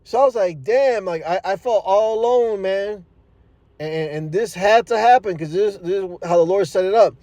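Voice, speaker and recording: Man, high voice, dry close sound; profane, animated storyteller giving a testimony. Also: moderate pace, dry recording. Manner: animated, profane street talk with frequent fillers; laughs at his own story.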